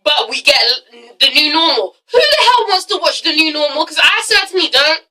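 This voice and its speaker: A woman's voice: extremely high pitch, very animated, moderate pace, bright, forceful tone, recorded from a distance, poor audio. A young English woman reviewing a TV show in a casual rant, blunt and sassy, swearing freely and tagging her points with "okay?". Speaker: TV review vlogger.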